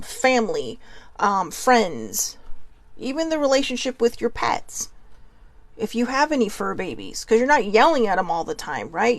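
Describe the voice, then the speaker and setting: Woman host, casual self-help talk, goofy and chatty, laughs a lot, mid-pitched voice, dry close sound. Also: no room sound. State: a little nervous. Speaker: podcast host.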